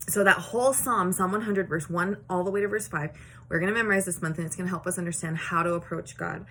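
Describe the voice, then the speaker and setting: Chatty animated woman teaching scripture memory. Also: lowish voice, fast talker, husky. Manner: chatty and animated, acts out quotes; encouraging, plainspoken. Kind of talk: casual teaching video.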